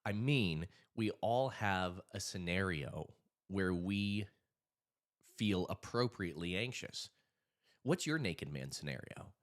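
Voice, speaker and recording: Animated, low-voiced male storyteller. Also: takes it slowly. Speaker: hypnotist and anxiety coach. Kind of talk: casual storytelling and advice to camera.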